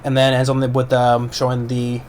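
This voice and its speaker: A man's voice: medium pitch, completely flat delivery, normal speed, a little mellow, slight background noise. A man giving a casual, rambling movie review, retelling the plot with lots of fillers and restarts.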